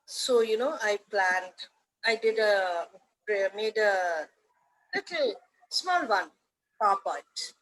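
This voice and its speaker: A woman's voice: mid-range voice, slow pace, pauses often, rough recording. Chatty Indian woman telling stories. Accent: Indian English. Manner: chatty, animated anecdotes with playful quoted voices. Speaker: veteran teacher, interview guest. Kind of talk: casual storytelling interview.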